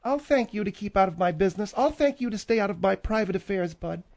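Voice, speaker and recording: A man's voice: high-pitched, quick pace, gravelly, a little mellow, voice pushed up. A man voicing a fussy, bossy woman producer who nags and interrupts, in a comedy radio sketch. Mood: prim. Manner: nagging, interrupting, prim.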